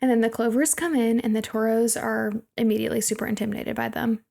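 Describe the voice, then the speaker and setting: A young woman with a slightly high, gravelly voice chats through a movie recap. She laughs easily and talks loosely as she moves from scene to scene. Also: fairly even intonation, fast talker, a little mellow. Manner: chatty, laughs often, recaps plot scenes. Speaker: podcast co-host. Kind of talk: casual movie recap chat.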